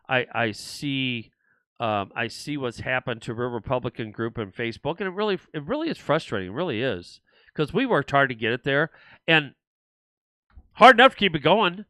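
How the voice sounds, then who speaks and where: An older man hosts a live political talk show from behind a desk, rambling and circling back on himself with halting restarts. His voice is bright and forceful, and the recording is close and dry, with no room sound around it. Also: mid-range voice, lively intonation, no echo. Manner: rambling, frustrated, many restarts. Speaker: show host.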